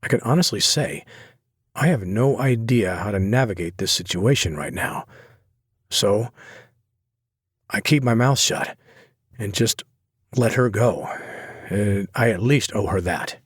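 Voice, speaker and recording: A man narrating a first-person romance audiobook in a low-key, wry inner-monologue manner. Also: lively intonation, measured pace, pauses often, slightly rough, no room sound, studio quality.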